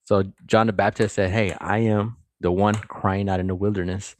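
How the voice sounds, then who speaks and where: A man's voice: lowish voice, flat delivery, moderate pace, darkish tone. A man reading a chapter of scripture aloud and breaking off to comment on it and greet his viewers. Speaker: scripture reader.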